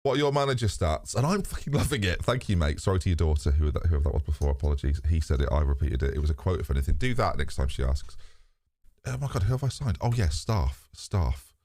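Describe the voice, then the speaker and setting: A man streaming a game live, chatting to his viewers in a lively, sweary way. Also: a bass voice, quick pace, no room sound, clean studio sound. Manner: animated, talks to chat, swears casually. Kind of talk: live gameplay commentary.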